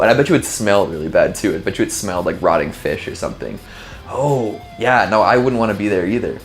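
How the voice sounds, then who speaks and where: A man's voice: lowish voice, fast, soft background music. Joking man reacting to clips. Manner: animated, joking, rambling with fillers. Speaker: video reaction host. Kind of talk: casual reaction commentary.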